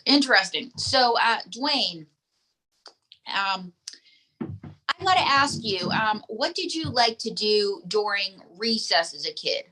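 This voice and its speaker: A woman's voice: mid-range voice, animated, slow pace, bright, forceful tone. A woman doing a stand-up ventriloquism act at a live comedy show, chatty with lots of "um" and "okay".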